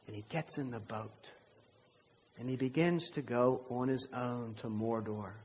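A man preaching a sermon as pastor, telling a story with slow, dramatic pauses. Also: mid-range voice, a little mellow, long reverb tail, slight background noise.

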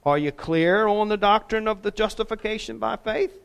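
A man's voice: high-pitched, moderate pace, creaky, fairly bright tone, smooth, voice pushed up. A preacher voicing an exasperated male supervisor angel who questions in a pedantic way. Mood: questioning.

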